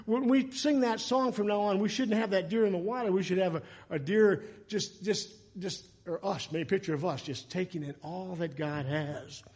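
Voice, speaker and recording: A man preaching a sermon in a chatty, animated way, breaking into loud, emotional passages. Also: sits high, moderate pace, few pauses, breathy edge. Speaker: pastor.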